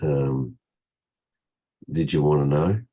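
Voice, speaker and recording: An older man with a croaky voice from a cold, hosting a casual trading session over a video call, chatty and rambling with frequent restarts. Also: rumbling low, fairly even intonation, slow, dark tone.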